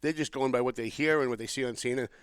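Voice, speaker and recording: Fast-talking middle-aged male podcast host. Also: mid-range voice, clear, resonant tone, no room sound. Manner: animated storytelling, acts out quotes. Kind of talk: casual political chat.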